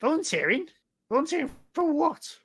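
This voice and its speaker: A man's voice: big pitch swings, normal speed, fairly bright tone, heavily acted. A man voicing a pompous, boastful little male goblin leader in a tabletop game. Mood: boastful whiny. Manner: boastful, squeaky and indignant.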